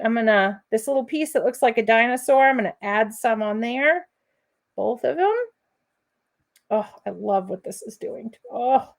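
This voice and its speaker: Chatty lady crafter on a live stream, unhurried, kinda high voice, cheering viewers on. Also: darkish tone. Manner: chatty, encouraging, addresses viewers as friends. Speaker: crafting host.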